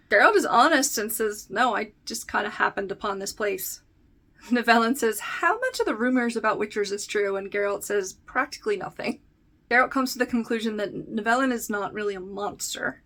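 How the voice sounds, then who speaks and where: A woman's voice: mid-range voice, bright, forceful tone. A young woman casually recapping a fantasy novel against its TV adaptation, chatting with many fillers, laughing often and reading short passages aloud. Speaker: book reviewer. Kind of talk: casual book-versus-show recap.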